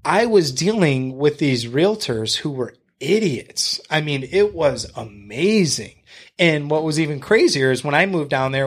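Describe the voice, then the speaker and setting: A man from Michigan, a podcast guest, telling stories in casual conversation, acting out what people said and swearing freely. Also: on the high side. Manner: animated storyteller who acts out what people said, swears freely.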